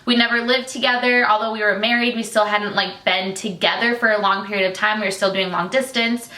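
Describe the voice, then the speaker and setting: A woman's voice: mid-range voice, fairly even intonation, brisk, pushed and bright, roomy sound. A young woman from Michigan talking candidly to camera in a personal vlog, chatty with many fillers and tearful at times. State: tearful, getting emotional. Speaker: vlogger, military wife.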